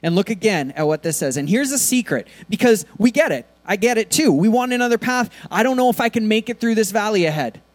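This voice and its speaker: A male pastor delivering a sermon, his voice sitting a little higher than most men's. He talks in a loose, conversational way, full of casual fillers, then builds into animated, rising preaching. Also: fast, hardly any pauses.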